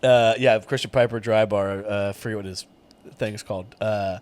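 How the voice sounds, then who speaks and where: A man's voice: on the low side, fairly even intonation, moderate pace, a little mellow, clear, resonant tone. A man co-hosting a comedy podcast who tells stories animatedly, laughs often and acts out the people he quotes. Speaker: podcast co-host. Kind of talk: casual comedy chat.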